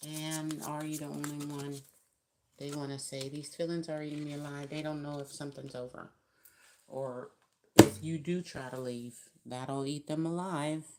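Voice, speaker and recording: Woman, low voice, chatty live-stream tarot reader with emphatic spiritual asides. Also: steady tone, normal speed, darkish tone, a little hiss or hum.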